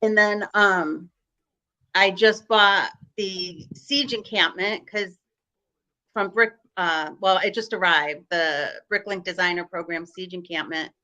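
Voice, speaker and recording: A woman with a Chicago accent joins a live-streamed video call as a guest, telling rambling stories packed with fillers and restarts in casual chat. Her voice is lowish, slow-paced, pushed and bright, though the audio sounds dull.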